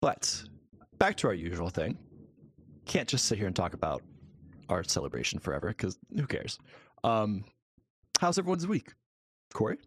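Husky low-voiced man hosting a podcast. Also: sing-song, normal speed, pauses often, dry recording. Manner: laughs often, teasing, loose. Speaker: podcast host. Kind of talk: casual podcast banter.

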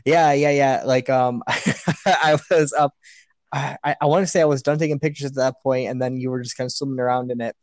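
A man's voice: mid-range voice, steady tone, a little fast, darkish tone, dry recording. A man chatting as a guest on a podcast, hesitant and full of fillers, often laughing as he recalls things. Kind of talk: casual chat.

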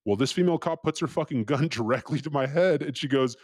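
A man's voice: medium pitch, fast talker, hardly any pauses, dry recording. A young man from California telling a story as a podcast guest, swearing freely and acting out the voices of the people he quotes. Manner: profane, animated, acts out quoted voices. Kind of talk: casual storytelling.

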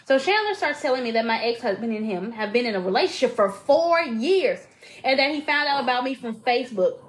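A woman podcast co-host with a fairly high voice. She reads a listener's email dramatically, then gives blunt, profane advice in a casual tone. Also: lively intonation, a little fast, rough recording.

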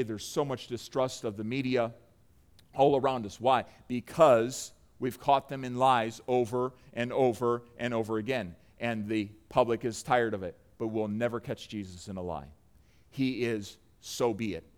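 A middle-aged man preaching a sermon in a church, emphatic and swinging between loud and quiet. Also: mid-range voice, clean tone. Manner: emphatic preaching, rising and falling in volume. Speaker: pastor. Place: church sanctuary.

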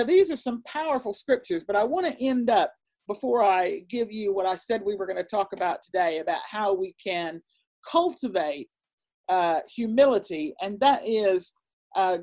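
A woman teaching a Bible lesson in an earnest, excitable sermon style, with many fillers and restarts. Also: medium pitch. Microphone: presentation with on-screen slides.

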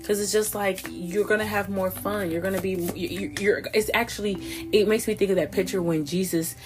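A woman's voice: medium pitch, steady tone, fairly quick. A woman doing a casual spiritual card reading, rambling and restarting her sentences, swearing freely and talking straight to her listeners as y'all. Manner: rambling, profane, frequent restarts; addresses listeners directly as y'all. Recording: clear music playing behind.

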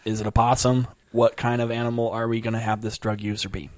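A man co-hosting a comedy podcast, leading an improv scene and quick to laugh. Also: mid-range voice, little pitch movement, darkish tone, dry recording.

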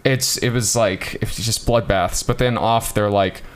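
A man bantering and joking on a podcast, laughing often and reacting with quick asides. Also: fairly low pitch, steady tone. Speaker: podcast co-host. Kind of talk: casual banter.

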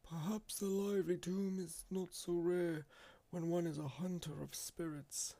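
A man's voice: high voice, level tone, unhurried, creaky, mellow, voice pushed up. A man voicing an old greybeard seer, grave and a little wry, in a fantasy story reading.

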